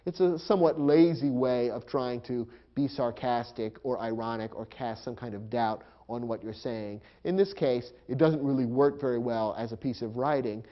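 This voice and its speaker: A man's voice: medium pitch, moderate pace, few pauses, muffled recording. A man teaching a grammar lesson, explaining punctuation rules step by step and spelling out marks aloud. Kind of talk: recorded lecture.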